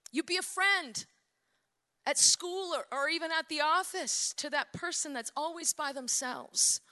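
A woman pastor giving a sermon, energetic and conversational, speaking straight to her listeners and at times dropping to a soft, quiet voice. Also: sits high, unhurried. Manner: drops to a soft, quiet voice for tender stretches.

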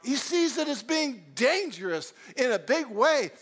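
A man preaching a sermon with a fairly high voice. His delivery is animated, rising to loud emphatic lines and dropping into hushed storytelling. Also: a little slow. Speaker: pastor.

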